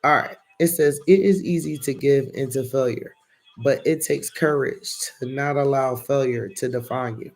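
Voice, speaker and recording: Man, gravelly, medium pitch, casual live tarot reading, chatty with viewers. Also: moderate pace. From Philadelphia. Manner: chatty, reads affirmation cards aloud and talks to viewers in the chat. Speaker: tarot reader.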